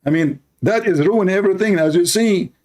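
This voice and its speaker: A man's voice: high-pitched, moderate pace, a little mellow. Sarcastic man. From Middle East. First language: Arabic. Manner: sarcastic, mocking, blunt. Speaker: Christian apologist. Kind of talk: mocking debate commentary.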